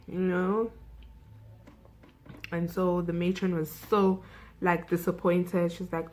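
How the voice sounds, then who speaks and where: A young woman with a South African accent chatting through a film recap for her channel. She talks slowly and unhurriedly in a husky, somewhat low voice, filling her sentences with "like" and "you know". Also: flat delivery, a little mellow, poor audio. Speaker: vlogger.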